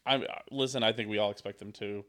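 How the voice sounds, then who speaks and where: A man's voice: fairly low pitch, steady tone, fast talker, fairly bright tone. A man co-hosting a sports podcast in loose, joking chat, swearing freely. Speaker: podcast co-host.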